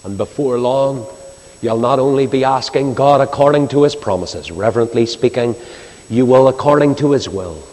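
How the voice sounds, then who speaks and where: A man preaching a sermon with fervor, swinging between loud declarations and hushed, pleading passages. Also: medium pitch, moderate pace. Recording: long reverb of a large hall.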